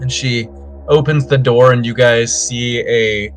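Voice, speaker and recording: A man running a tabletop role-playing game as game master, narrating scenes in a measured, descriptive way. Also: mid-range voice, fairly even intonation, soft background music.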